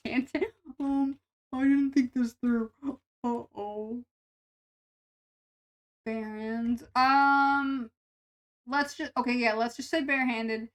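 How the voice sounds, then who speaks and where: A woman's voice: high-pitched, fairly even intonation, takes it slowly, pauses often. A young woman streamer with a nasal voice, chatting casually and rambling with her viewers, full of restarts and giggles. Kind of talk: casual live-stream chat with chat.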